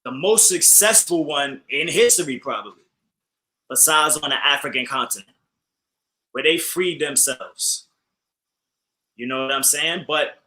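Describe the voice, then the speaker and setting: Bright, animated male co-host speaking casually and addressing the audience as family. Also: on the high side, poor audio. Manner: animated, repeats phrases, addresses listeners as family. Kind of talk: casual commentary.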